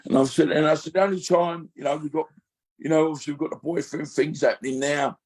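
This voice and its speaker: A man's voice: a little high, fairly even intonation, fast, a little mellow. A middle-aged man talking candidly on a podcast, rambling with many fillers and restarts. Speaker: guest.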